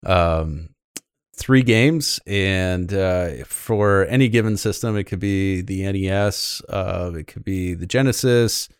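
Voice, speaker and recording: A man co-hosting a gaming podcast rambles casually, with frequent fillers and restarts. His voice is low-pitched, clear and resonant, and he speaks slowly. The recording is dry and studio quality.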